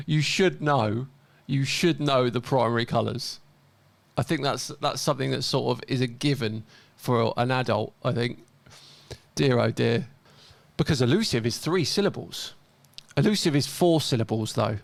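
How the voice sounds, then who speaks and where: A man's voice: medium pitch, moderate pace, creaky, no echo. A man giving casual commentary as a host, reading out posts and mocking their mistakes with dry humour. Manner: wry, mocking, chuckles at mistakes.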